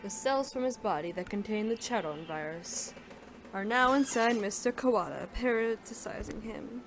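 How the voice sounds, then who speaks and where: A woman's voice: on the high side, moderate pace, slight background noise, close to an everyday voice. Woman reading as a cold clinical doctor. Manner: detached, matter-of-fact. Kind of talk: reading a visual novel aloud.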